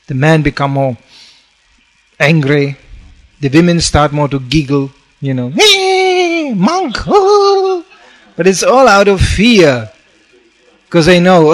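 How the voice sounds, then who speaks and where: Storytelling man preaching a sermon. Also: a little high. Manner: storytelling with acted-out quotes, frequent "you know". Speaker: monk preacher.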